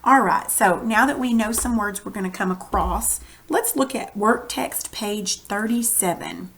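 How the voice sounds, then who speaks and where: A woman's voice: mid-range voice, measured pace, a little hiss or hum. Texan woman teaching a reading lesson. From Texas. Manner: friendly explaining, conversational.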